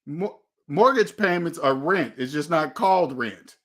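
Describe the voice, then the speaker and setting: A man's voice: on the high side, expressive, unhurried, a bit bright. A man hosting a motivational money talk, preachy and emphatic, driving points home with repeated questions. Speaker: host.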